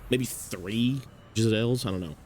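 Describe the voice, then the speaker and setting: A man's voice: fairly low pitch, unhurried, a little mellow, a little hiss or hum. A man streaming, talking loosely through a strategy game match with plenty of fillers. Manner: loose, rambling, filler-heavy. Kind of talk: casual game commentary.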